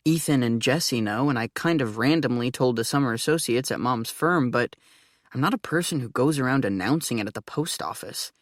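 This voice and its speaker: A woman's voice: extremely low pitch, dry recording, clean studio sound. A woman narrating an audiobook in the first person, with an eager, flustered delivery.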